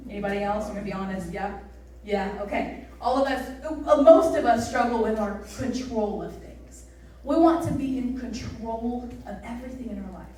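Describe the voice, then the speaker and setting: A woman preaching a youth sermon, telling a story in a chatty, animated way and asking the crowd questions. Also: medium pitch, slight background noise. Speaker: youth pastor. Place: church service hall. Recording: roomy echo, mic from a distance.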